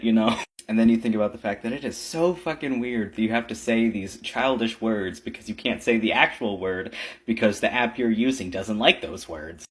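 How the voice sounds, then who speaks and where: Casting note: husky-voiced man, gushing, emotional artisan vlogger who swears freely while chatting straight to his followers. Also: fairly low pitch. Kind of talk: casual selfie-video talk.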